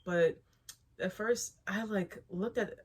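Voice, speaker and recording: A woman's voice: mid-range voice, slow, husky. Rambling, chatty young woman vlogger. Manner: rambling, animated, laughs often, restarts sentences. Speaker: spiritual vlogger. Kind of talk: casual chat to camera.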